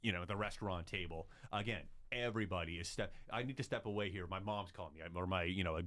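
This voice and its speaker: A man with a lowish voice, telling his story as a guest in a casual talk. He speaks reflectively and gets more animated when he retells moments with other people. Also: quick pace. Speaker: guest, former news radio reporter. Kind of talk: casual interview chat.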